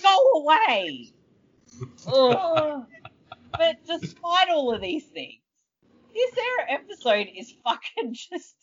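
A woman telling stories with a lively, swooping voice that jumps between high and low, slow and drawn out. She swears freely and acts out scenes in exaggerated voices. The sound is dull and lo-fi. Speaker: podcast co-host. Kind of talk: casual chat.

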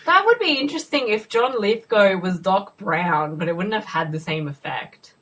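A woman's voice: medium pitch, lively intonation, moderate pace, fairly bright tone, low-quality recording. A woman co-hosting a playful, giggly chat. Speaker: co-host. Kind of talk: casual chat.

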